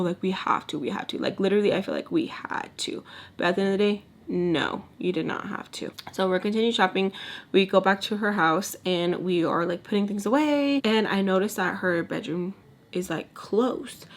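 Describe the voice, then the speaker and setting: A young woman talks straight to the camera in a casual storytime. She is candid and animated, acts out what people said, and drops in Spanish words as she goes. Her voice sits at a middle pitch. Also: moderate pace. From Texas. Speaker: storytime vlogger. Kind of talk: casual storytime while doing makeup.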